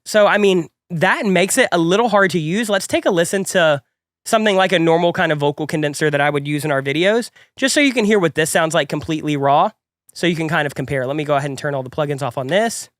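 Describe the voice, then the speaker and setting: Fast-talking stuffy young man. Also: a little high, a bit bright, dry recording, clean studio sound. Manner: upbeat, chatty, rambling. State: stuffy from a cold. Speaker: music production tutorial host. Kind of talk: casual tutorial talk.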